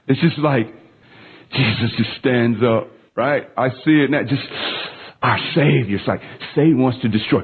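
The sound is tinny, like a phone, as a thirties-aged pastor delivers his sermon at a measured pace. His medium-pitched voice carries a breathy edge while he recounts a story about his little daughter before rising to fervent, emphatic high points.

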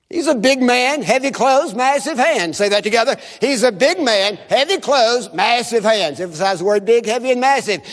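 A man preaches with a high, lively voice that swoops up and down as he leads the crowd in repeating lines. His sermon rings out through a hall with a long echo. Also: moderate pace, few pauses. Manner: animated, has the audience repeat phrases. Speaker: visiting preacher. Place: chapel service.

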